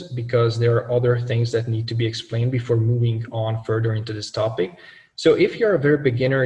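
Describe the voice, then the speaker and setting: Man, language teacher, mid pitch, halting with fillers and self-corrections, distant from the mic, long echo. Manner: many fillers and self-corrections, slows down for examples. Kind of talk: explaining grammar to learners.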